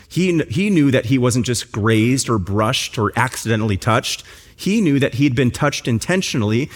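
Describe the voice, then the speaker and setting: A pastor preaching a sermon in church, building his points through earnest, emphatic repetition. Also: medium pitch.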